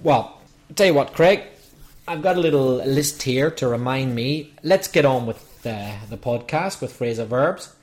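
A man co-hosts a language-lesson podcast in a medium-pitched voice. He explains each meaning patiently, one step at a time, with a calm explanatory manner. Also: unhurried. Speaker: co-host teaching English.

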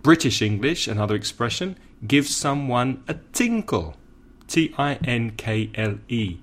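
Slow, deliberate male English teacher. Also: mid-range voice, sing-song. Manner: slow, deliberate, repeats phrases for learners; adds brief Spanish glosses. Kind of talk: language lesson.

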